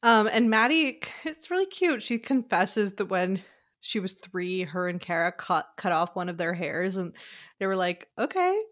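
A woman co-hosting a casual podcast, recapping a reality show in an animated, storytelling way and acting out quotes. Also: medium pitch, normal speed. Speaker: podcast co-host.

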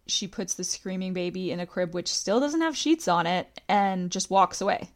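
A woman's voice: on the low side, normal speed. Chatty woman podcast host. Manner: chatty, recounts scenes with quoted lines, frequent "like". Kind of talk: casual podcast recap.

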